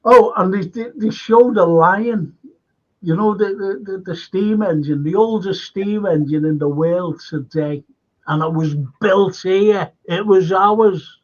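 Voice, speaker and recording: An older man with a Liverpool accent hosts a radio chat show and tells long, rambling anecdotes. His voice is husky, and the recording sounds dull and lo-fi. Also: high voice, measured pace. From Liverpool, England. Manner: rambling anecdotes, laughs while telling stories. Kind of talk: casual chat.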